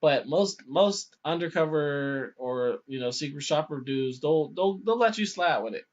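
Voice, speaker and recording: A man in his thirties casually telling a long story on a podcast, animated, with many restarts and acted-out quotes. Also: on the high side, a little slow. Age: 30s. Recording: dull lo-fi podcast audio.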